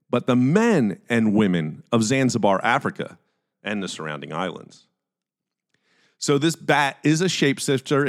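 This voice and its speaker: Jokey Philly-accented man, fairly low voice. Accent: Philadelphia. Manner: jokey, chatty, self-deprecating asides. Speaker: podcast host. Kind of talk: casual solo podcast monologue.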